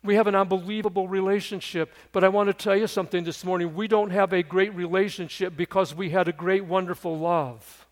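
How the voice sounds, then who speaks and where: An older man, a pastor and great-grandfather, preaching a sermon. He moves from loud storytelling to low, hushed pleading. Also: steady tone, brisk, hardly any pauses.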